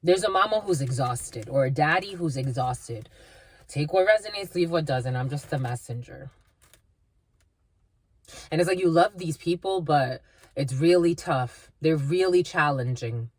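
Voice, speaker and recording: Lower-voiced woman giving a rambling spiritual reading. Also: lively intonation, unhurried. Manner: rambling, many fillers and restarts. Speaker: spiritual reader. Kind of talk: casual spiritual reading monologue.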